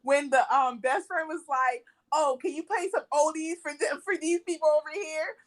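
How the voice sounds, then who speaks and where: Woman on a movie podcast, kinda high voice, acts out all the quotes and laughs a lot. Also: normal speed. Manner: animated storyteller, acts out quotes, laughs often. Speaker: podcast co-host. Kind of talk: casual movie review chat.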